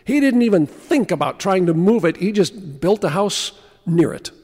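A man preaching a sermon, telling stories and slowing to a hush on key words. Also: high voice, lively intonation, slightly rough, big-room sound. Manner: storytelling preacher, slows and drops to a hush for emphasis. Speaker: pastor.

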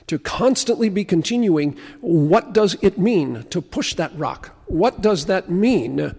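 A man preaching a sermon in a notably high voice. He tells stories and slows, dropping to a hush to stress key words. The sound carries a long, spacious reverb. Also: breathy edge. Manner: storytelling preacher, slows and drops to a hush for emphasis. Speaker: pastor.

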